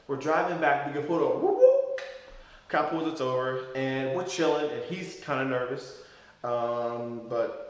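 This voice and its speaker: Animated young man in an echoey room. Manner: animated, acts out quotes with shifting pitch. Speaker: vlogger telling a personal story. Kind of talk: casual storytelling monologue. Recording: very echoey room with long reverb.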